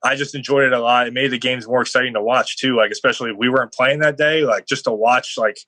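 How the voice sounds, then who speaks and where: A young man talking casually as a podcast guest, rambling with many fillers and telling lively stories. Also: mid-range voice, fast, dry recording, low-quality recording. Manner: rambling, heavy on "like" fillers, animated storytelling. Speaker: guest football player.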